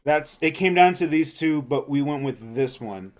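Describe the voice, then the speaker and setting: A man's voice: on the high side, animated, normal speed, a little mellow. A man co-hosting a casual beer podcast livestream, laughing often and joking about himself. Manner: laughs often, self-deprecating. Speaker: podcast co-host, beer snob.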